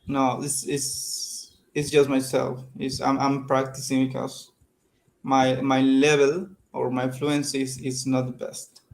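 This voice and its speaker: A man with a Mexican Spanish accent speaks English on a video call, his voice in a middle register and held very flat in pitch. He is a Spanish speaker still building fluency, so he pauses and repeats words as he reaches for them. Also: creaky, rough recording. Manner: hesitant, repeats words while searching for English. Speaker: English learner, software engineer. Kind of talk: online English lesson conversation.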